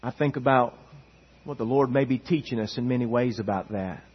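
A man's voice: mid-range voice, brisk, breathy edge, lo-fi sound. A man preaching a sermon as pastor, with impassioned, repeated emphatic phrases.

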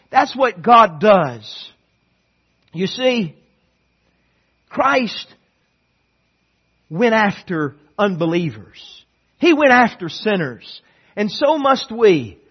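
A man preaching a sermon as pastor, moving between loud, emphatic lines and quiet, low passages. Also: sing-song, slow, long pauses, husky, lo-fi sound.

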